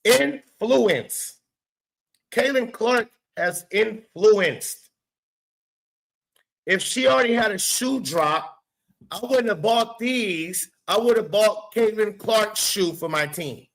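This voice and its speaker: A man hosting a casual live stream, animated, swearing and talking back to his chat. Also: high-pitched, takes it slowly, vocal fry. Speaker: show host.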